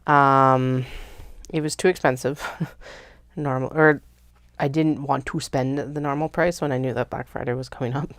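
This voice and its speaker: A woman hosting a craft livestream, chatting casually and thinking aloud as she works, muttering notes to herself and sometimes dropping to soft whispers. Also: rumbling low, steady tone, normal speed, no room sound. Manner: chatty, laid-back, drifts into soft whispers. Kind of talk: casual talk while working.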